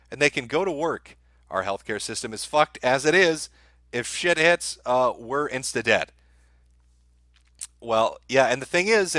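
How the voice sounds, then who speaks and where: A man's voice: a little high, pushed and bright, dry recording. Sardonic, profane male streamer. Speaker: live-stream host. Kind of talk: live stream reading out and answering viewer messages.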